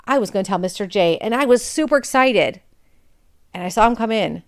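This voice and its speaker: Woman podcast host, candid chatty storyteller, smooth voice. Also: medium pitch, animated, fairly quick. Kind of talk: personal storytelling.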